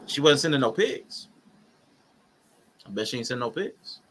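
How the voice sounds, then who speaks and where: A man's voice: mid-range voice, moderate pace, a little hiss or hum. A man co-hosting a casual podcast chat, commenting with jokes and slang. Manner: joking, animated commentary. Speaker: podcast co-host.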